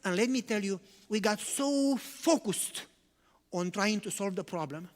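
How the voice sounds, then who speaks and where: A man's voice: sits high, lively intonation, unhurried. A male pastor preaching in a conversational way, with rhetorical questions and non-native English phrasing. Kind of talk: sermon. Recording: long church-hall reverb.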